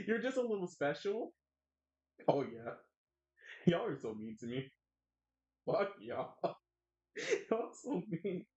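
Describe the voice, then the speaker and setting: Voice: medium pitch, darkish tone. An adult streamer chatting casually while drawing, playfully whining and laughing a lot. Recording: dull lo-fi mic.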